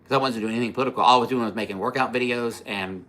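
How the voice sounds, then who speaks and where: A man in his fifties hosts a livestream, telling stories in a rapid-fire, slightly bright, medium-pitched voice. His casual tales ramble, swear freely, and are full of fillers and restarts.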